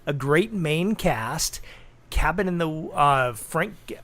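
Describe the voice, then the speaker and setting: A man's voice: fairly high pitch, animated, slow pace, a bit bright. A man co-hosting a movie podcast, chiming in with short agreements and reading a review aloud. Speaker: podcast co-host.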